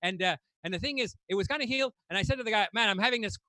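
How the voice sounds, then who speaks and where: A man's voice: high voice, very fast, sharp tone, no echo. A man doing a stand-up comedy set on a club stage, ranting in exasperation and swearing casually.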